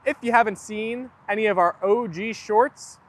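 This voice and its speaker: A man's voice: high voice, normal speed. A young man hosting a casual livestream, chatting and reading viewer comments aloud. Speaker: livestream host. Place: outdoors near a garden.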